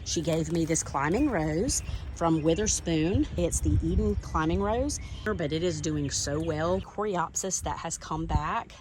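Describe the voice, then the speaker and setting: Showing off her plants on an outdoor garden tour at home, a Southern-accented, middle-aged woman vlogs with enthusiasm. Her voice is deep and her pace measured, with background noise audible.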